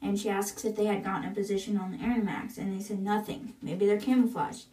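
A woman's voice: medium pitch, little pitch movement, fast talker, dark tone. A woman hosting a podcast, casually retelling a book's chapters in a chatty way, often slipping into quotes with "she's like". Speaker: podcast host. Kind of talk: casual book recap. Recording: roomy echo, distant from mic.

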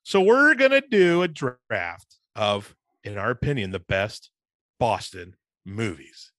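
A man with a lowish voice that swings widely in pitch, chatting casually as a podcast co-host. He laughs easily and thinks out loud with playful teasing. The sound is dry and close, with no room around it. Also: big pitch swings, slow, dry recording. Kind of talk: casual chat.

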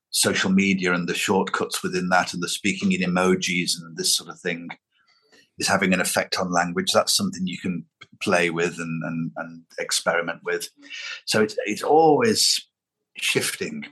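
A man's voice: deep voice, fairly bright tone. A man, a guest impressionist chatting in an interview, musing and relishing the sound of words. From England. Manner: musing, playful, savors words. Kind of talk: casual interview chat.

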